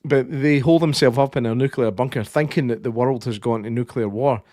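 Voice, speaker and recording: A Scottish man co-hosting a podcast chats in a casual, sweary way, often breaking into laughter as he tells his stories. His voice sits at a middling pitch for a man. The recording is dry and close, with no room sound. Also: fairly quick, mellow, no room sound. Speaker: podcast co-host. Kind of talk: casual chat.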